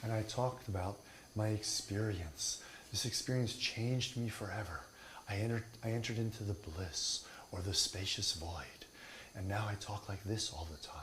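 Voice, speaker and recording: A hushed, hollow-sounding meditator, as a man mocks him, drifting along in a soft, slow, dazed monotone with a low voice. He is blissed-out and empty, the caricature of someone who thinks they have found enlightenment. A faint hiss sits under the voice. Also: close to an everyday voice, low-quality recording. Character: dreamy, spaced-out male meditator, blissed-out and hollow.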